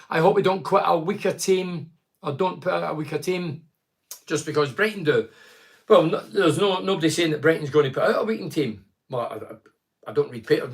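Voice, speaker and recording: A man's voice: a little high, fairly bright tone. A middle-aged Scottish man chatting casually on a live stream, reading out viewer comments and telling stories. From Scotland. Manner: chatty, reads out viewer comments and tells anecdotes. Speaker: host of a live chat stream. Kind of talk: casual chat.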